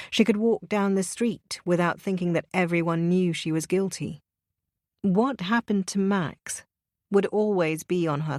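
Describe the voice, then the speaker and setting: Audiobook narrator, female, lower register, dry close-miked sound. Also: a little mellow, no room sound. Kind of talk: scripted narration.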